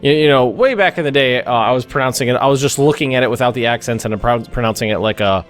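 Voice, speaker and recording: Young American man, let's play host, mid-pitched, rambling restarts, faint background music. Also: fast. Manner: rambling, thinks aloud with many restarts. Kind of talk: casual gameplay commentary.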